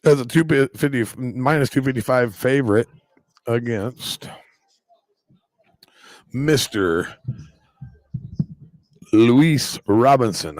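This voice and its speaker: Excitable man hosting a live reaction stream. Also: fairly low pitch, no room sound. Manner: excitable, rambling, quick exclamations.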